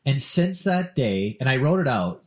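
A man from Minnesota co-hosting a podcast, telling a story in a casual, animated way and acting out the quoted voices. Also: medium pitch, normal speed. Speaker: podcast co-host.

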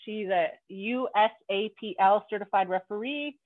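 A playful woman hosting a casual podcast interview, bubbly and quick to laugh. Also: mid-range voice, no room sound. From Canada. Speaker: podcast host. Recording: tinny phone-like line.

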